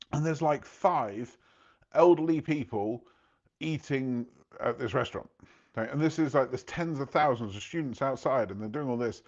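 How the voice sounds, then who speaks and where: A man's voice: mid-range voice, moderate pace, a little mellow, dull audio. A man talking casually to his viewers, telling a story with many asides and asking if they follow. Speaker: host. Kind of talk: casual talk to camera.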